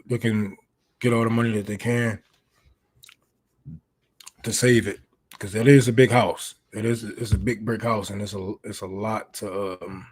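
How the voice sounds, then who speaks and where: A man's voice: on the low side, slightly rough. A man hosting a casual political livestream, talking loosely and rambling, then breaking into mocking, swearing rants. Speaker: livestream host.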